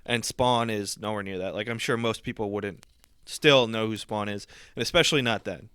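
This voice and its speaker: A young man co-hosting a casual podcast, measured and adding caveats to his co-host's points. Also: fairly low pitch, sharp tone, clean tone, dry recording. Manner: measured, adds caveats and counterpoints. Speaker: podcast co-host.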